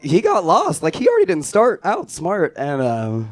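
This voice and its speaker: Young male stand-up comedian with a slightly high voice, dry and offhand, who sinks his punchlines low and soft. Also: wildly swooping pitch, moderate pace.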